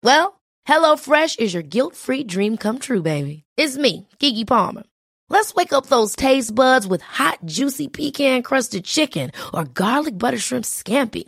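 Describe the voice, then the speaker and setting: A woman's voice: high voice, big pitch swings, measured pace, gravelly, a bit bright, breathy edge, no echo, studio quality. A woman voicing a scripted food ad with a playful, sassy delivery. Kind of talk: scripted radio ad.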